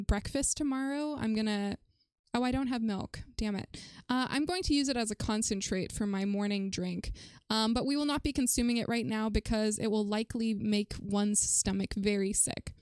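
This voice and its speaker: A chatty woman streaming from home, talking through her experiment and answering chat with lots of fillers. Her voice sits a little high and sounds smooth and clear. The sound is close and dry, with almost no room echo. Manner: chatty and animated, reads chat aloud, frequent "um" and "like". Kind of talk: casual livestream chat.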